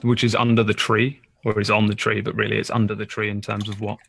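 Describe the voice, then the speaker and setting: A man running a tabletop game as dungeon master, narrating in a relaxed, hesitant way with many fillers. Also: lowish voice, quick pace, vocal fry, a little hiss or hum.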